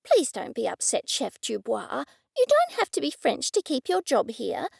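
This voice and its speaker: A woman voicing a kind, cheerful woman amateur sleuth who speaks in a gentle, placating way. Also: high voice, wildly swooping pitch, normal speed, vocal fry, husky, dry recording, clean studio sound, heavily acted.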